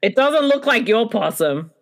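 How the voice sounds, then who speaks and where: Aussie woman on a webcam podcast call, kinda high voice, super animated, chill and swears casually. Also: moderate pace, vocal fry. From Australia. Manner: laughing, casual, easygoing swearing. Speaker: podcast guest.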